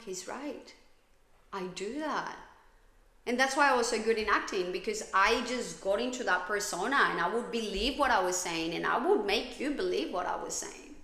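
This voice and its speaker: A woman's voice: a little high, gravelly, pushed and bright. A woman from Colombia hosting a podcast, telling her own story in a candid, blunt way and swearing freely. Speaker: podcast host. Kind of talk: confessional personal monologue. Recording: echoey room.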